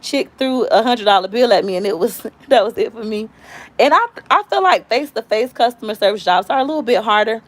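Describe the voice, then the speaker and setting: Telling stories on her laid-back live stream, this YouTube host from Florida talks openly and performs the quoted voices herself. She sounds on the high side, expressive, and fairly quick.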